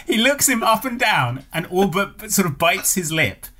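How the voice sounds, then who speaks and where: Wry man with a bright voice. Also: sits high, big pitch swings, moderate pace, a little hiss or hum. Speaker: podcast co-host. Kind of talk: comedic film review chat.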